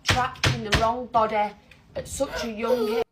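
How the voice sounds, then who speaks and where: A woman's voice: on the high side, sing-song, normal speed. Earnest woman in a noisy clip. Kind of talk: social media video monologue.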